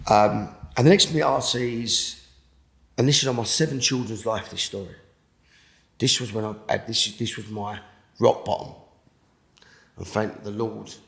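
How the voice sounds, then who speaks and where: Gravelly British man telling his testimony. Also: on the low side, echoey room. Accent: British English. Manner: halting, repeats words, drops to a hush at intense moments. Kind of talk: emotional personal testimony.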